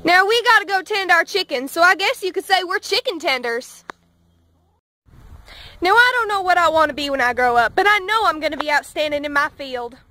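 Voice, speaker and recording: A woman playing a cheerful country farm girl with a Southern drawl, telling deadpan one-liners. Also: very high-pitched, fairly quick, exaggerated voice. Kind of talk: comedy sketch.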